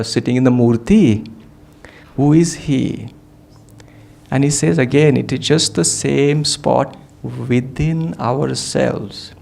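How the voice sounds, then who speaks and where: A man leads a satsang, speaking in a gravelly, creaky voice. He is reflective and keeps asking his listeners rhetorical questions as he teaches. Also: mid-range voice, a little mellow. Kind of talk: devotional talk. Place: meditation hall.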